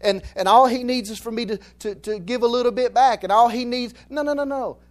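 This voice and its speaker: Southern-accented male pastor, high voice, casual preaching style that hammers key lines through repetition. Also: brisk. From Alabama, US. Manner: folksy, joking, repeats phrases for emphasis. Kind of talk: conversational sermon.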